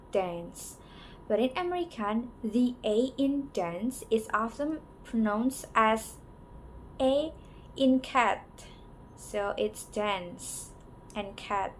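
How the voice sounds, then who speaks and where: Slow, halting young woman presenting a lesson. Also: on the high side, a little hiss or hum, rough recording. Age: young adult. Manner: slow, halting delivery with many pauses and "so" openers. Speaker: student presenter. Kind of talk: class presentation on English varieties.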